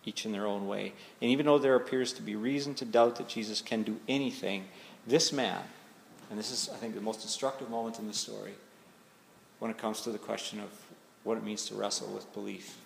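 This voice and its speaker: A pastor delivers a sermon with a gravelly, rough-edged voice, talking to the congregation in a searching, conversational way. He drags out key phrases for weight. His voice rings through a reverberant hall with a faint room hum behind it. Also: lowish voice, steady tone. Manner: conversational and searching, slows down for emphasis. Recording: echoey hall with faint ambience.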